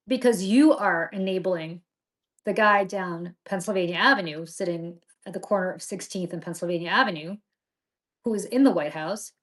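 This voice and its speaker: A woman's voice: medium pitch, moderate pace. A middle-aged woman hosting a political talk show, talking with passion and indignation and often restarting her sentences. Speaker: podcast host.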